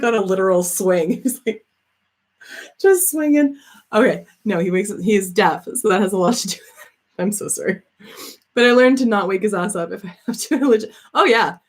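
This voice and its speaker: Chatty, rambling woman on a livestream. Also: medium pitch. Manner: rambling and chatty, laughs often, many fillers. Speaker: host of a live chat stream. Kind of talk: casual chat answering viewer comments.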